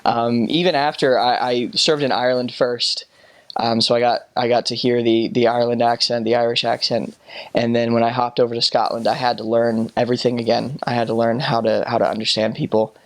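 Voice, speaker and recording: An American man telling casual stories about his time abroad, talking haltingly with many restarts and fillers. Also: mid-range voice, little pitch movement. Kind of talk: casual storytelling.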